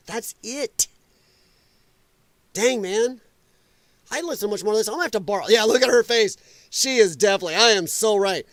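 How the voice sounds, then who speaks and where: A man hosts a live commentary stream. His voice is animated and jumps up and down in pitch, and he mocks what he hears with blunt, profane remarks and frequent laughs. The sound is dry and close. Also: moderate pace, pauses often, dry recording. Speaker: host of a political commentary stream.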